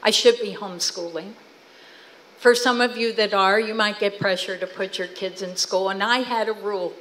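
A guest speaker at church, this middle-aged woman animatedly narrates family stories and plays out her relatives' dialogue. She speaks at medium pitch and normal speed, and the audio is poor.

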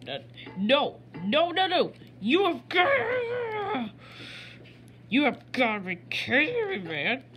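A woman voicing an excitable male cowboy toy sheriff in gameplay commentary, repeating and sputtering words. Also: medium pitch, a little slow, slight background noise. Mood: frustrated. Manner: repeats phrases over and over, sputters and stammers. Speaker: gamer playing in character.

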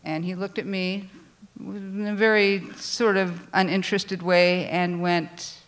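A woman telling a personal story on stage at a live storytelling show, animated and self-deprecating, with frequent restarts. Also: on the low side, slow. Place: theater stage before a live audience.

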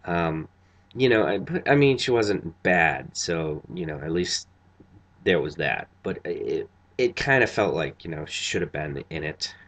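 Casting: tired male vlogger, very low voice, loose rambling review full of ums. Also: expressive, a little slow, a bit bright. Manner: rambling, many fillers and restarts. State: tired after a long night. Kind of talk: casual spoken review.

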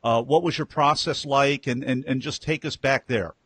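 Man, interview host, chatty, rambling, mid pitch, dry close sound. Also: steady tone, moderate pace, fairly bright tone, husky, no room sound. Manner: chatty, rambling, stumbles over words. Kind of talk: casual interview talk.

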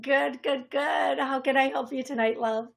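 A woman's voice: sits high, fairly even intonation, moderate pace, gravelly. A woman hosting a call-in radio show as a psychic medium. She rambles, laughs at herself and repeats key phrases for emphasis. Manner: chatty, rambling, self-deprecating.

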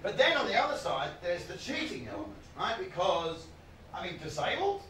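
A man doing a stand-up routine, his high voice leaping all over the place as he swears and laughs his way through the bit. He is picked up from a distance in a roomy live venue. Audience noise sits clearly behind him. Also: moderate pace. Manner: animated, swearing, laughing storyteller. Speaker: stand-up comedian.

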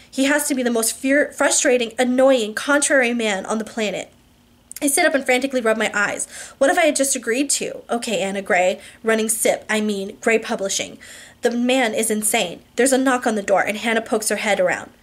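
A woman reading a novel aloud in the first person, slowing for emphasis, adding small asides and fixing words she stumbles on. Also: a little high.

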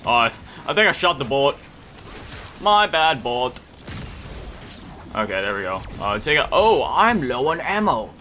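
A man's voice: mid-range voice, big pitch swings, moderate pace, long pauses, sharp tone, a little hiss or hum. A man giving rambling, jokey commentary while playing a game, tired early in the morning. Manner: rambling, jokey, sing-song asides. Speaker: gaming YouTuber. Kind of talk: casual gameplay commentary.

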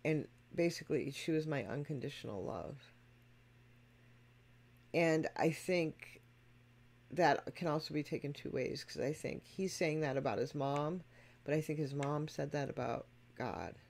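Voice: mid-range voice, unhurried, vocal fry, a little mellow. A music reaction host explaining to viewers. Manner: emphatic and explanatory, addresses viewers directly. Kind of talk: casual spoken commentary to viewers.

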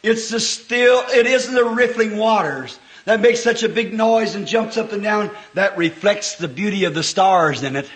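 A man preaching a sermon at a church service, swinging from hushed, folksy talk to sudden impassioned shouts. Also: high voice, normal speed, few pauses. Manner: folksy, homespun phrasing. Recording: echoey old church sermon recording.

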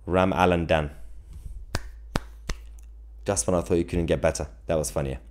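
A man's voice: low voice, steady tone, moderate pace, background noise. A man hosting a political live stream, chatting casually and jokily as he reads viewer comments, with frequent chuckles and rambling asides. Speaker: political livestream host.

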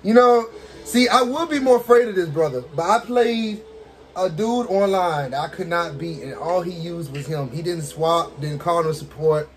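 A man casually commentating his own fighting game match, excitable, talking to the characters on screen and laughing often. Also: on the high side, normal speed. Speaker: gaming streamer.

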